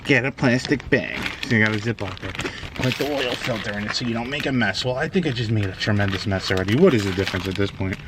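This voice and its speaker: A man's voice: lowish voice, fast talker. Cursing man on a noisy street. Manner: cursing, frustrated muttering. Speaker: car owner doing his own oil change. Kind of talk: casual vlog narration. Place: outdoors on a street beside a car. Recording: noisy street recording, cars passing. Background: passing traffic.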